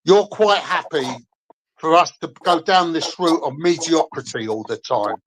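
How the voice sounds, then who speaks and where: A man's voice: fairly high pitch, animated, a little slow, fairly bright tone, a little hiss or hum, poor audio. A man calling in to a fan stream, ranting angrily and swearing at another fan. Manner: angry, swearing, combative. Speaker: guest caller. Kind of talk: heated fan rant.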